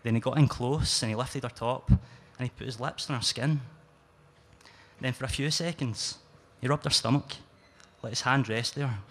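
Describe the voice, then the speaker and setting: A man's voice: mid-range voice, normal speed, long pauses, fairly bright tone. Scottish man reading his story live. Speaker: writer reading his work. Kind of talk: live spoken-word reading.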